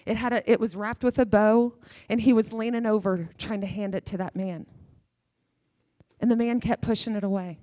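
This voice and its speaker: A woman's voice: medium pitch, fairly even intonation, normal speed, mellow, no echo, studio quality. A woman guest speaker preaching a sermon in church, emphatic and repeating her key phrases.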